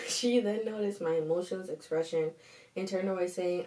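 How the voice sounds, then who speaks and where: A woman's voice: lowish voice, steady tone, a little slow, dark tone, far from the mic. Sassy young woman reading stories aloud. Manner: sassy, chatty, reacts with slang asides. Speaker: host reading viewer stories. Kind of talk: casual storytime commentary. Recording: roomy echo, a bit off-mic.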